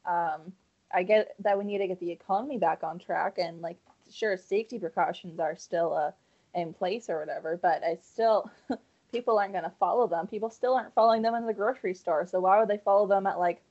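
Woman, canadian, co-host chat, relaxed and dry, muffled lo-fi audio. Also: mid-range voice, brisk. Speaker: podcast co-host. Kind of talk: casual chat. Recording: dull lo-fi sound.

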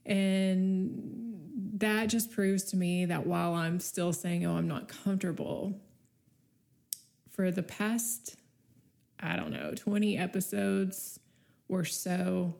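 A woman's voice: on the low side, fairly even intonation, takes it slowly, vocal fry, darkish tone. A woman hosting a casual solo podcast, talking off the cuff in a chatty, encouraging way while her nose is stuffy from a cold. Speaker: podcast host.

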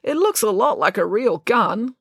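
A woman voicing a frumpy, apologetic older female professor in a storybook reading, with a lively, fussy delivery. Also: on the high side, a little slow, husky, no room sound, studio quality, pitched above the performer's own voice, full character voice.

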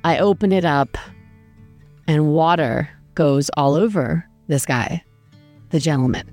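A woman's voice: low-pitched, unhurried, darkish tone, soft background music. A woman casually telling a travel story, chatty and self-deprecating, with many fillers.

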